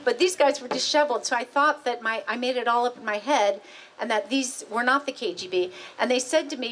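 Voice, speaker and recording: An American woman presenting her book at a museum event, telling stories in an animated, rambling way with frequent restarts. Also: fairly high pitch, brisk, a little hiss or hum, rough recording. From United States. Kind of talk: storytelling talk.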